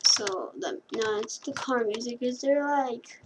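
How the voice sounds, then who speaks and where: A woman's voice: a little high, a little slow. A woman chatting casually as she plays a computer game, rambling and correcting herself as she goes. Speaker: gameplay commentator. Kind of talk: casual gameplay commentary. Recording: keyboard clicks and clear background noise.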